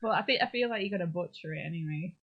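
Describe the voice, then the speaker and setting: A woman's voice: fairly low pitch, rapid-fire, slightly rough. A woman in the room teasing and chipping in from away from the host's microphone during a casual chat. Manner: teasing, chips in off-mic. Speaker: companion in the room. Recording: muffled, distant off-mic voice.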